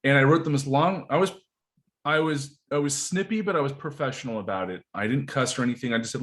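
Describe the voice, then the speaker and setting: A man's voice: mid-range voice, quick pace. A man, a podcast guest, telling army stories in casual, profane chat and acting out the people he quotes. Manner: profane, animated, acts out shouted quotes.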